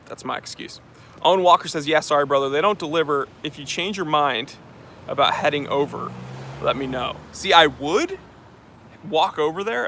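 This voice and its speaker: A man's voice: a little high, vocal fry, sharp tone, a little hiss or hum. Man with a put-on posh English accent. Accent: affected posh English. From New Hampshire, US. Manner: joking, rambling, with frequent fillers. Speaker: channel host reading live chat. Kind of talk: casual livestream chat. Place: outdoors on a street. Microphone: phone on a handheld tripod.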